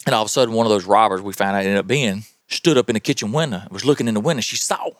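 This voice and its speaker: A man with a Southern US accent hosting a podcast, telling tall tales in a folksy, animated way. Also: fairly low pitch, racing, dry recording, studio quality. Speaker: podcast host. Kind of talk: tall-tale storytelling.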